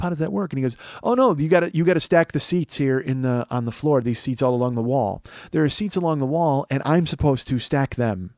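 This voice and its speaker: A man's voice: a little high, no echo. Guy ranting through a sweary story, voices the people in it, dead dry mic. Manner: animated, swearing, acts out quoted people. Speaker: comedian and podcast host. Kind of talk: profane storytelling monologue.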